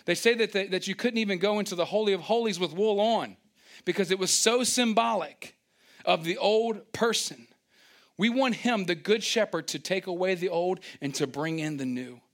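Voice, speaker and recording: A man delivers a lively sermon in a somewhat high voice. He acts out little scenes with sudden excited outbursts, then drops into quieter, wry asides to the congregation. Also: moderate pace. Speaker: pastor.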